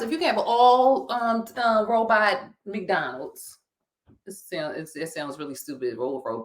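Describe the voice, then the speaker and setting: A woman with a Philadelphia accent, co-hosting a casual talk show and ranting in an animated, preachy way with frequent laughter. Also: fairly high pitch. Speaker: podcast co-host.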